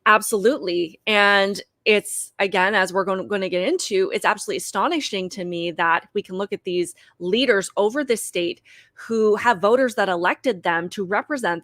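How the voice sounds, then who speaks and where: A woman's voice: mid-range voice, moderate pace, a bit bright, dry recording, studio quality. A woman hosting a political commentary show, speaking in an indignant, emphatic way with restarts. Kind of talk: opinion commentary.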